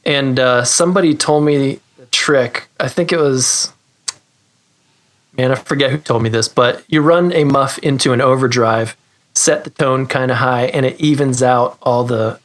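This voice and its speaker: Male podcast guest, mid-pitched, rambling, self-mocking, casual. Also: moderate pace. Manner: rambling, self-deprecating, laughs. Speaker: guest, guitar pedal maker. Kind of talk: casual interview chat.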